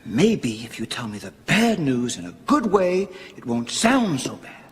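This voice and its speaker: A man's voice: medium pitch, very animated, a little slow, long reverb tail, slight background noise. An actor playing an eager man coaxing someone to share bad news, heard from a distant played clip.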